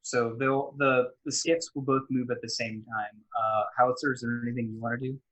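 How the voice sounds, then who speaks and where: A man's voice: mid-range voice, level tone, a little fast, fairly bright tone, rough recording. A man narrating a tabletop game as game master, in a loose, casual way with lots of restarts.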